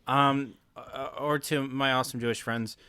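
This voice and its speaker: A man's voice: medium pitch, steady tone, a little slow, bright, forceful tone, clean tone, no echo. A man co-hosting a podcast, talking emphatically and addressing listeners directly. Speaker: podcast co-host. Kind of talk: casual podcast discussion.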